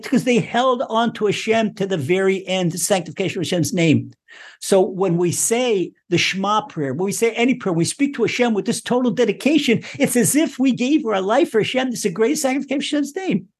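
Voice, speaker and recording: A man giving a Torah lesson in an animated, repetitive way, acting out prayers and laughing often. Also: very high-pitched, slightly rough. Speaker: Torah teacher.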